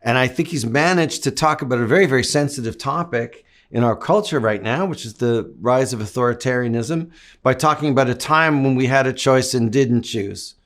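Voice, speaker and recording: A man's voice: medium pitch, fairly quick, fairly bright tone. A middle-aged man from Canada, an actor giving long, reflective interview answers. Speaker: actor guest.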